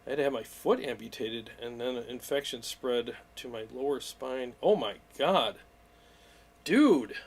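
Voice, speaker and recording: A man hosting a weekly livestream, talking in an excitable, rambling way and greeting viewers by name. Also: mid-range voice, unhurried. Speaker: livestream host. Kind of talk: casual livestream chat.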